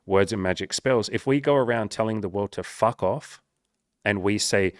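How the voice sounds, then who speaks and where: Male life coach, lowish voice, dry close sound, frank and swearing. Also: fairly quick, no echo. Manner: earnest, swears often, acts out quoted voices. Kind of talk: casual talking-to-camera advice.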